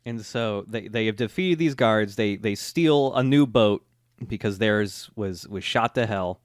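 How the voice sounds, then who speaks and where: A man co-hosting a podcast, recapping episodes in casual chat with wry, animated storytelling. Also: lowish voice, a little slow, no room sound, studio quality. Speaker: podcast co-host.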